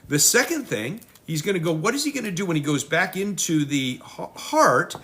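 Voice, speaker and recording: Lively man teaching parenting. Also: on the high side, slight background noise. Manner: animated, acts out children and parents in quick voices. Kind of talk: teaching talk.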